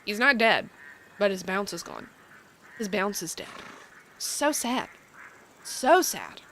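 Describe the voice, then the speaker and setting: A woman's voice: mid-range voice, lively intonation, takes it slowly, a bit bright, a little hiss or hum. A woman giving playful, teasing commentary as she plays a video game. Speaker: gaming video creator. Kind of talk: casual gameplay commentary. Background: faint game music.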